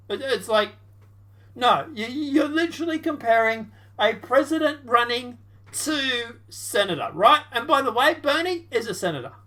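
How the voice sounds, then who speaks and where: High-voiced sarcastic woman commentator. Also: animated, normal speed, bright, forceful tone. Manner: sarcastic, rambling, with restarts and mock-quoted voices. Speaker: political commentary vlogger. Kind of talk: casual reaction commentary.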